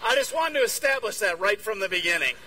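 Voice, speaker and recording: A bright, forceful male preacher with a high, animated voice that leaps all over the place. He delivers an energetic sermon to a conference crowd, acting out little exchanges as he goes. The mic sits at a distance, with a faint hum behind him. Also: quick pace. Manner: energetic, acts out dialogue. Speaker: guest speaker. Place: conference room with audience.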